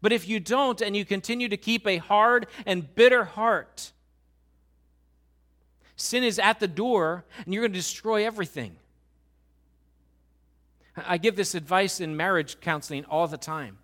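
Male pastor, high bright voice, animated sermon delivery with hushed asides and loud pleas. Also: a little slow, pauses often.

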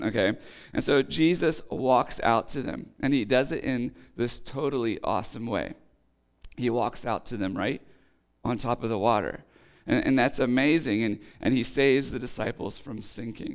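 A man giving a relaxed, chatty sermon, reading scripture and then explaining it with casual asides, his voice a little rough today. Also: mid-range voice. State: voice acting up, slightly rough. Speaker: preacher. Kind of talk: conversational sermon.

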